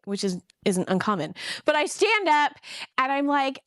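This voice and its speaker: A middle-aged woman telling a personal story in a casual, animated way, acting out the people she quotes. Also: sits high, fairly quick, dry recording, studio quality. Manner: animated, acts out quoted voices. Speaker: ex-Mormon storyteller.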